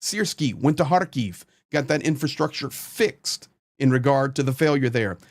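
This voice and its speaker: Speaking straight to the camera, a man who hosts his own channel and is a volunteer supporter delivers blunt, frustrated, impassioned commentary. His voice sits in the mid range and moves at a normal speed.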